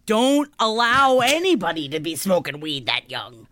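A woman's voice: medium pitch, sing-song, normal speed, fairly bright tone. A woman co-hosting a podcast, telling crude jokes in casual chat. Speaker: podcast co-host.

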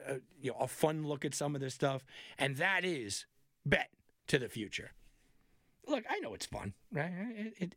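A man's voice: high-pitched, vocal fry, dry recording, studio quality. A man giving a casual, emphatic talk on sports betting picks, telling stories as he goes. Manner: animated storyteller, emphatic, some restarts.

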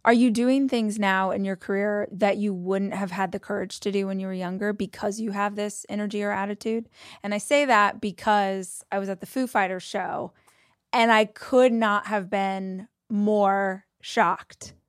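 A woman's voice: medium pitch, steady tone, normal speed, no room sound, clean studio sound. A woman in her forties hosting a podcast, asking questions and sharing her own reflections in an encouraging way. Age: 40s. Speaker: podcast host. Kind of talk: conversational interview.

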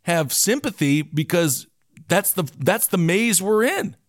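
Man, podcast host, casual political chat, fairly high voice, dry close mic. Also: a little slow, no room sound. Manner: animated, swears freely.

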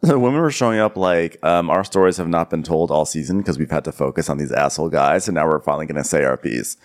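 A man's voice: rumbling low, expressive, quick pace. A man co-hosting a comedic reality TV recap podcast, retelling scenes wryly. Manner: wry, storytelling. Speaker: podcast co-host.

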